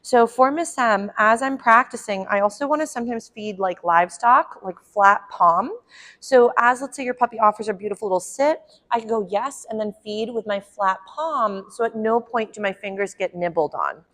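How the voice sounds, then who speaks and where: A woman dog trainer explaining puppy training in a friendly way at home, with frequent ums and quick asides to the puppy. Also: fairly high pitch, fairly bright tone. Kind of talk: instructional dog-training demo.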